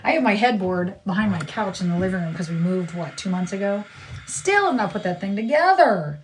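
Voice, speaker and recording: A woman's voice: mid-range voice, animated, fairly quick, a little hiss or hum. A middle-aged woman on a casual live stream from her living room, blunt and indignant, venting about someone who keeps harassing her. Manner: blunt, indignant, talks to her child off to the side. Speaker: livestreamer.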